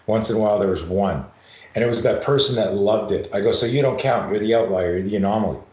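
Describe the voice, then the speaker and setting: A middle-aged man from Canada, a podcast guest, telling anecdotes in an animated, profane way, acting out voices as he goes. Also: on the low side, fast talker, echoey room. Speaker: podcast guest, self-defense and fear expert. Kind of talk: storytelling in a podcast conversation.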